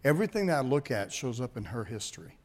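Brief: middle-aged male pastor, mid-pitched voice, storytelling sermon, checks in with the room often. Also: quick pace. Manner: animated storytelling, calls on the congregation.

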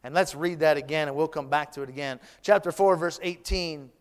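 Male pastor preaching with rising and falling cadence; high, clear voice in a reverberant sanctuary. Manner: preaching cadence, drawn-out phrases trailing off soft. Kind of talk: sermon. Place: church.

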